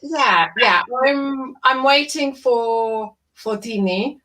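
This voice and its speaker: A woman comedy performer speaks over a video call. Her voice is high and bright. She talks slowly and in a halting way.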